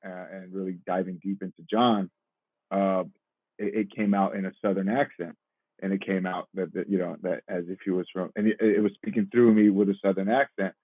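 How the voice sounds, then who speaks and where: A man's voice: sits low, level tone, brisk, dry recording, narrow, tinny audio. A man in his thirties, an actor and podcast guest, talking casually and reflectively, laughing easily. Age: 30s. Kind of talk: casual interview chat.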